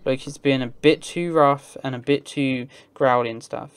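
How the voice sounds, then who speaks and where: A man's voice: mid-range voice, steady tone, normal speed, clean tone, dry recording. Jumpy, chatty young male gamer. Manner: chatty, jumpy, gasps and sighs when startled. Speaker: let's play gamer. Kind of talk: casual gameplay commentary. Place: home desk with chair.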